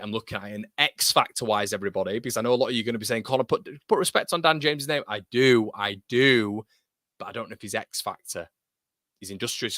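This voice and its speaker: A lively young man from England hosts a football watchalong stream, chatting fast and reading viewer messages. His voice sits fairly low but sounds bright and forceful. The sound is close and dry, with little room echo. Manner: excitable, swears, calls viewers mate. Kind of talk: live stream chat reading viewer comments.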